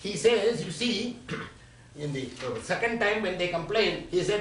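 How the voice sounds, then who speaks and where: Older guy from india teaching scripture, high voice, faint hum, mic far away. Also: expressive, a little slow, fairly bright tone. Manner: explains verses line by line, switching into acted quotes. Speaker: lecturer on scripture. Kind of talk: scripture lecture to a small audience. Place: private home gathering. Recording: echoey room, mic far off.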